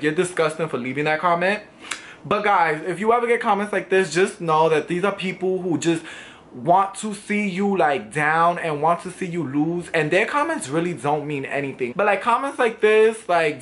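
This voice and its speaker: Young man, New York accent, assertive and sassy vlogger, highish voice with big swings. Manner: assertive, sassy, animated delivery. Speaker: YouTuber. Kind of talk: reading hate comments to camera.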